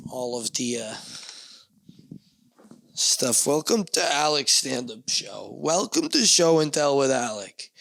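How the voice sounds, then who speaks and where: A man with a New Jersey accent rambles through a casual solo podcast, swearing and joking as he drifts between topics. His voice sits at an ordinary pitch and sounds dry and close, recorded in a small backyard shed. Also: creaky, a bit bright, dry recording. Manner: rambling, profane, joking asides. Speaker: podcast host.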